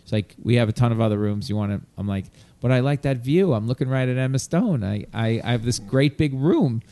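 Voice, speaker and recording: A man from New York telling a long exasperated story in casual chat, animated and swearing. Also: mid-range voice, a little fast.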